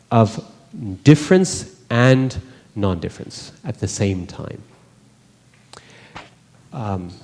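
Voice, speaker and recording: Medium in pitch and dark in tone, a religious teacher's voice fills a large temple hall. He leads a scripture class in a conversational way, often asking his listeners rhetorical questions.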